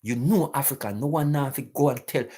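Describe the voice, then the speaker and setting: A man's voice: medium pitch, a little fast, warm tone. A man hosting a live talk stream, preaching emphatically and repeating rhetorical questions to his listeners.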